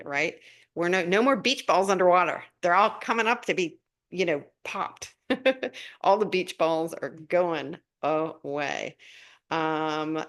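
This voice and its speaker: A middle-aged woman hosting a spiritual live stream, chatting casually and answering viewer comments with gushing enthusiasm. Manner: warm, gushing, breaks into excited high-pitched asides. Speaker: spiritual guidance host.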